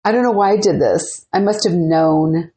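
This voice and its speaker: Podcast host, female, lower register; easygoing storyteller who performs the dialogue. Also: normal speed. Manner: animated, acts out quoted dialogue. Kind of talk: casual storytelling.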